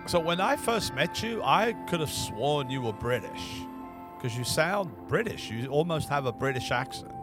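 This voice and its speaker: A man's voice: on the high side, big pitch swings, moderate pace, over music. A man hosting a podcast, asking conversational questions and giving short acknowledgments. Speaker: podcast host. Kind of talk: interview.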